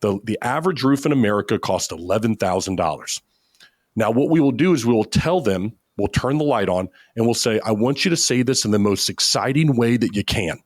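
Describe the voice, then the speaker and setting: Man, podcast guest, low voice, dry sound, confident, coaching tone. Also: lively intonation, fairly quick, no echo. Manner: confident, coaching, acts out examples. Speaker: podcast guest, media company founder. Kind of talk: casual advice-giving chat.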